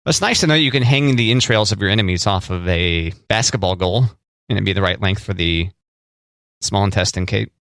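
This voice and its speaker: A man's voice: lowish voice, a little fast, fairly bright tone, no room sound, studio quality. A man co-hosting a casual podcast, teasing and joking with his co-host. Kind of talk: casual chat.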